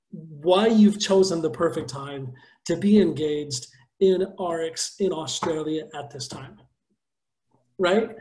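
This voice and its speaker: A man with a high, bright-sounding voice pitches with eager, joking energy. He speaks over a video call, and the sound carries a strong room echo. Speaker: company executive.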